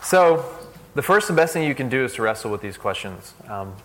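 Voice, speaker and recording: A young man delivers a sermon in a relaxed, conversational way, with a mid-range voice for a man. He fills his talk with "like" and "you know." When he tells a story he gets lively and animated. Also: medium pitch, a little fast. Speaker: speaker at a church service. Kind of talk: casual sermon.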